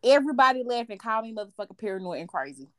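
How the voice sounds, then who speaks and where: A woman co-hosting a podcast, telling a story in a profane, animated way and laughing as she goes. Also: fairly high pitch, very fast. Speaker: podcast co-host. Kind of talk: casual storytelling chat.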